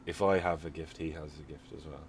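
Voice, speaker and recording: A man's voice: very deep voice, steady tone, fast talker, a little hiss or hum. A man hosting a podcast, talking in a rambling casual way with many restarts. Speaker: podcast host. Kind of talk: casual conversation.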